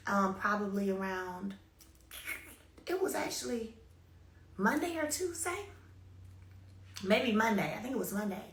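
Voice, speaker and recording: Bright-voiced woman telling a story. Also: medium pitch, echoey room. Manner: emphatic, repetitive storytelling with sudden bursts of energy. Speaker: reality TV personality sharing a personal story. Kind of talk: casual spoken testimony to followers.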